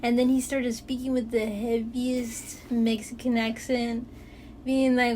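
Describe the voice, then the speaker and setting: Lively young woman, high voice. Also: unhurried, a little hiss or hum. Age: young adult. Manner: animated storyteller, acts out quotes, swears freely. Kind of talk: casual chat.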